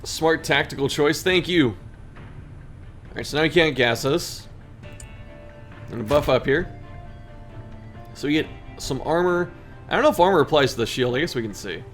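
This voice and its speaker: A man's voice: fairly high pitch, lively intonation, moderate pace, pauses often, fairly bright tone, soft background music. A man hosting a gaming video, reading in-game story text aloud and commenting on his turns, poking fun at his own mistakes. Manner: self-deprecating, laughs at own mistakes.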